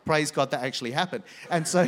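A man's voice: on the high side, fairly quick, fairly bright tone, a little hiss or hum. A man preaching a sermon, telling a personal story with energy and rallying the congregation in between.

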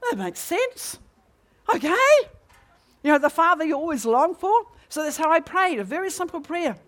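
A middle-aged woman preaching in a church meeting, telling a personal story with lively rhetorical questions to the congregation. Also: high voice, a little fast. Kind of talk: sermon testimony.

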